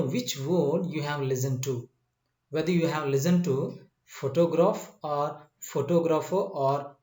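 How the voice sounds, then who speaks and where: A male English teacher walking through a slide-based lesson in a slow, deliberate way, repeating his points and pausing often with "uh" and "you know.". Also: on the high side, a little mellow. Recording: echoey room.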